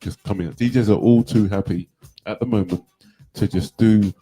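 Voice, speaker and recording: A man's voice: fairly low pitch, normal speed, mellow, faint music behind, poor audio. A middle-aged man co-hosting a casual radio chat and reflecting on the scene.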